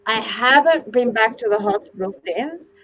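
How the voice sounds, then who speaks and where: A woman in her forties, a psychic medium guest, telling stories in a dramatic, animated way and swearing freely on a video call. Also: fairly high pitch, a little slow, slightly rough, dry recording, highs cut off. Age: 40s. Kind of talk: casual video interview chat.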